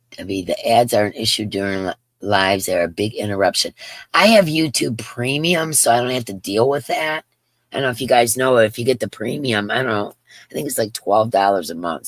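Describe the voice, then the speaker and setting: A woman in her fifties with a very deep voice hosts a crochet livestream, rambling casually and reading viewers' comments aloud. The recording is dry.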